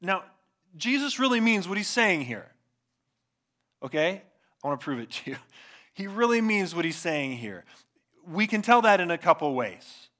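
Male pastor with a somewhat high voice, delivers an earnest, emphatic sermon and poses rhetorical questions. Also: very animated, moderate pace, pauses often, a bit bright.

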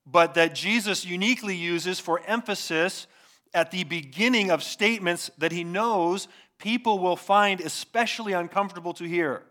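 Male pastor with a somewhat high voice, delivers an earnest, emphatic sermon and poses rhetorical questions. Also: pushed and bright.

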